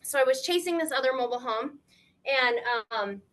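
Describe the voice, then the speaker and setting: Animated high-voiced grandmother telling her story. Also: moderate pace. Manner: animated, tearful at times, quotes people in shifting voices. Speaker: guest. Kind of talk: emotional storytelling on a live stream.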